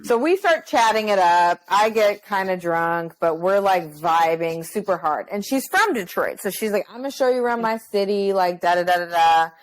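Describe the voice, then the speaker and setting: A young woman, a podcast guest, telling a funny personal story in casual chat, swearing freely and getting animated. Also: mid-range voice, moderate pace, hardly any pauses, low-quality recording.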